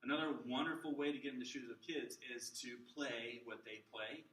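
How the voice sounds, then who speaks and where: A man's voice: medium pitch, brisk, a bit bright. A man teaching a workshop to church volunteers on working with kids, in a chatty style that keeps checking in with his audience. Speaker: children's ministry trainer. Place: church room with adult trainees. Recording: echoey room, distant mic, faint noise.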